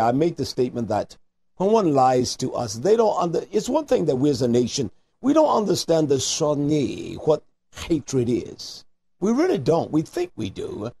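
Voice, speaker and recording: Male radio preacher, high husky rasp, dark tone; fiery call-in sermon, swings loud to low. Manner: fiery, rising to near-shouts, then dropping low and slow; mixes Hebrew terms into scripture reading. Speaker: radio preacher taking calls.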